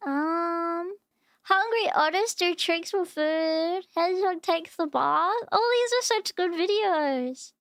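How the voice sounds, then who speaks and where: A woman's voice: extremely high pitch, slow pace, fairly bright tone, no room sound, studio quality. A young woman streaming, chatting casually and gushing over cute animal videos. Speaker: VTuber streamer.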